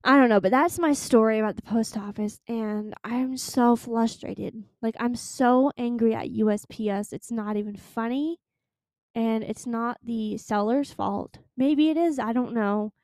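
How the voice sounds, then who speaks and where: Venting young woman, dark voice. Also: a little high, unhurried, no echo. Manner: exasperated, venting storyteller. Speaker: podcast host. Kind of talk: casual chat.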